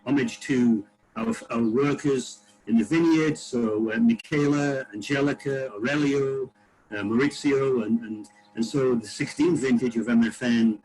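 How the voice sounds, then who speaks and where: A man's voice: mid-range voice, measured pace, darkish tone, low-quality recording. A man on a casual video call, telling a winery story from outdoors in a vineyard with plenty of fillers and restarts. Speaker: winery panelist. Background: tractor passing.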